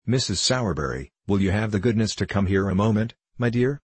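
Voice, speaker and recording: A man puts on a polite undertaker who talks with deference, in a deep, husky voice. The recording is dry and close, like a storybook reading. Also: expressive, brisk, dry recording. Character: deferential middle-aged male undertaker.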